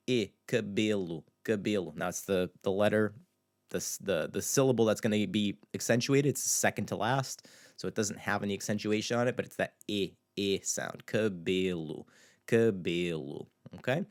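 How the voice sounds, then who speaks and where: In a relaxed video lesson, a man whose voice sits on the low side teaches a language conversationally, using filler words. To show pronunciation, he says words again slowly.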